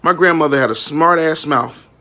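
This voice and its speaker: High, bright-voiced man speaking frankly. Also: moderate pace. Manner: raw, frank and emotional, with profanity and many "you know what I'm saying". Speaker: minister and entrepreneur. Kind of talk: candid live-stream monologue.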